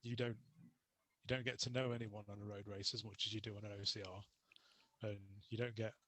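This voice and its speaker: A man's voice: on the low side, level tone, normal speed, pushed and bright, dry recording, rough recording. A young adult man chatting as a podcast guest, telling casual stories and laughing often. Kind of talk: casual interview chat.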